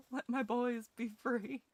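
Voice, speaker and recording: A woman's voice: fairly high pitch, no room sound. A young Scottish woman streaming a game, joking and swearing as she chats with her viewers. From Scotland. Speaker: gaming streamer. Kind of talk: casual game commentary with chat.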